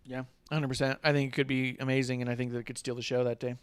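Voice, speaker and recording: A man co-hosting a casual podcast, animated and swearing freely, often acting out what other people said. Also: mid-range voice, fast talker, clean tone, dry recording, studio quality. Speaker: podcast co-host. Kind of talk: casual chat.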